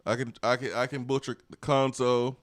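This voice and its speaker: A man's voice: mid-range voice, flat delivery, normal speed, no echo. A man co-hosting a sports radio show, playful and laughing often, repeating catchphrases. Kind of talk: casual sports talk chat.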